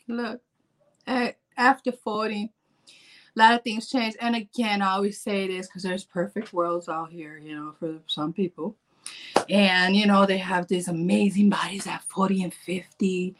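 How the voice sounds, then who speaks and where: A woman in her forties talking casually to camera in a vlog, animated and playful. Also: mid-range voice, a little slow. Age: 40s. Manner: animated, playful, acts out her own inner voice. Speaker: fitness vlogger.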